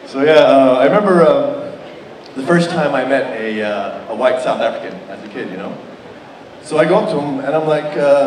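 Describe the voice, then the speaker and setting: A man's voice: medium pitch, expressive, fairly quick, darkish tone, a little hiss or hum. A young man from Saudi Arabia doing a playful, self-mocking stand-up set. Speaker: stand-up comedian. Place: comedy club stage. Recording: roomy club sound from a distance, audience.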